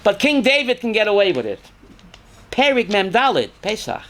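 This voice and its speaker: Animated high-voiced man teaching scripture. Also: normal speed. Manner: animated, reads Hebrew verses aloud and translates, questions the audience. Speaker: rabbi. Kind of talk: Torah class lecture.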